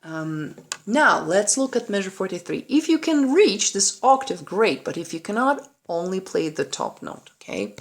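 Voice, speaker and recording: A woman's voice: medium pitch, sing-song, moderate pace. A woman giving a patient play-along piano lesson at home, coaching with frequent "okay?" checks. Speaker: piano teacher. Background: piano playing.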